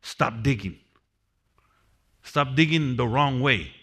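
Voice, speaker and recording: A man's voice: medium pitch, slow, sharp tone. A man giving a motivational seminar lecture, repeating and stressing key phrases for his class. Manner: repetitive, emphatic, drills key phrases; speaks from personal experience of prison. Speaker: mentoring class teacher.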